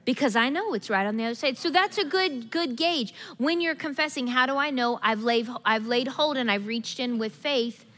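A woman pastor preaches with a bright, ringing voice pitched a little high, repeating her lines and building them into forceful declarations. Her sermon rings out with a long hall reverb in a church sanctuary. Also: moderate pace, few pauses.

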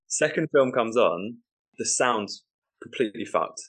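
Man, lowish voice, comedian storytelling, animated, acts out voices. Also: measured pace. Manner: animated, acts out quoted voices, laughs often. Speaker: stand-up comedian guest. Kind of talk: casual storytelling.

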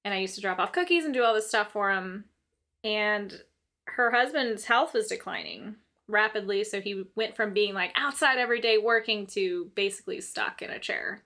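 A young woman at normal speed and medium pitch co-hosts a casual conversation, telling stories with plenty of laughter. She narrates animatedly and acts out her own past voice.

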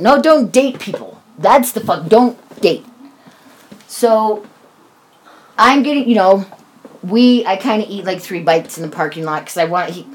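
Lively, swearing woman telling a story. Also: mid-range voice, breathy edge. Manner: animated, swears often, acts out quoted voices. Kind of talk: casual storytelling chat.

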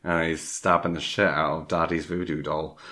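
A man's voice: a bass voice, level tone, normal speed, pushed and bright. A man in casual chat, retelling a film plot in a rambling way, full of fillers and little acted-out quotes. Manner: acts out lines of the film.

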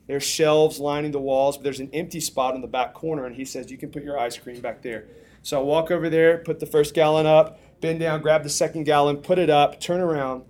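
A young man preaching, telling a funny story with big swings from hushed lines to shouted ones. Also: a little high, fairly even intonation, brisk, few pauses. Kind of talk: storytelling sermon.

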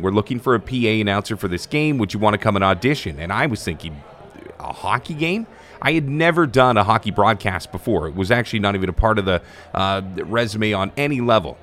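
Guy, ex stadium announcer, chatting through an old work story, kinda low voice, lively. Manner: animated, conversational storytelling with announcer-style delivery. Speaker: former stadium broadcaster and PA announcer. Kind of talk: casual storytelling.

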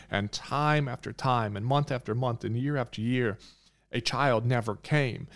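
A man's voice: mid-range voice, vocal fry, a bit bright. A man preaching a sermon, retelling a Bible story in an earnest, repetitive way.

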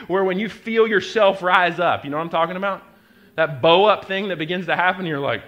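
Man, middle-aged pastor, sermon, bright ringing voice, somewhat high, quiet asides building to loud preaching. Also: a little fast.

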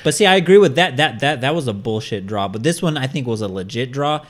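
A man's voice: medium pitch, expressive. A man co-hosting a casual podcast chat, swearing freely and often repeating words. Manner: rapid, profane, repeats words.

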